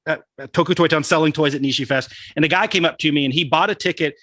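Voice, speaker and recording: A man's voice: fairly high pitch, fast talker, bright, forceful tone, no room sound. A man with a Texan accent, co-hosting a podcast in casual, enthusiastic chat about collectibles and laughing often. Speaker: podcast co-host.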